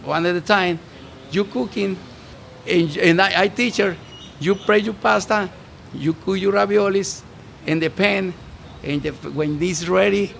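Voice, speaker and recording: Chef from Mexico, gravelly voice, halting English, interviewed outdoors on a rooftop. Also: male voice, high voice, a bit bright, slight background noise. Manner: halting, broken English with restarts. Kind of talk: casual interview. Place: restaurant rooftop bar, outdoors.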